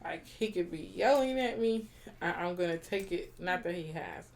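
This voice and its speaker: A woman's voice: lowish voice, expressive, moderate pace. A woman co-hosting a relationship podcast, talking things through in a reflective, casual way, laughing often and rephrasing her points. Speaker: podcast co-host.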